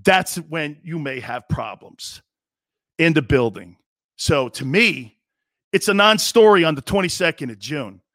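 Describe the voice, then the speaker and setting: A man's voice: fairly high pitch, lively intonation, unhurried, fairly bright tone, no room sound. A middle-aged man hosting a sports talk radio show, delivering a blunt, emphatic monologue. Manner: emphatic, blunt, acts out quoted players. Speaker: host.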